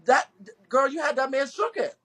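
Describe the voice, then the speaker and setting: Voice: high voice, animated, normal speed, pushed and bright. A host on a live stream asking casual questions and pressing by repeating them.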